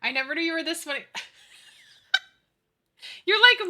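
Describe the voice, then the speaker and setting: A woman in her thirties chatting casually with her live stream audience, telling stories with lots of laughter and excitable energy. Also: very high voice, takes it slowly. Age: 30s. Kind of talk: casual chat while playing a game.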